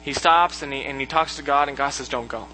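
A man teaching a casual Bible lesson, retelling the story in a joking, animated way and acting out the characters' lines. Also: medium pitch, a little fast, a little hiss or hum, rough recording.

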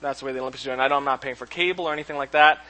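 A man's voice: mid-range voice, fairly even intonation, very fast, bright, forceful tone, rough recording. A man from Canada, preaching a conversational, informal sermon in a church and often chuckling between thoughts. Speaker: pastor. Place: church sanctuary.

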